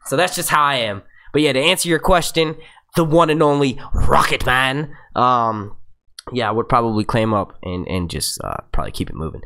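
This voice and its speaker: A man's voice: mid-range voice, big pitch swings, fairly quick, pushed and bright. A man hosting a casual live Q&A from his computer, rambling and restarting his sentences and swearing freely. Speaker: YouTube show host. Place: seated at a computer. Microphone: computer microphone.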